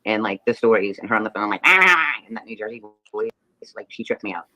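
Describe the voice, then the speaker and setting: A woman's voice: extremely low pitch, flat delivery, fast, low-quality recording. A woman livestreamer talking casually, rambling through an earnest apology.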